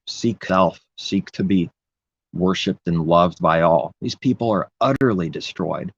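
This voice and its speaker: A man's voice: low voice, unhurried, slightly rough, highs cut off. A man preaching in an impassioned, rambling religious monologue, repeating his phrases.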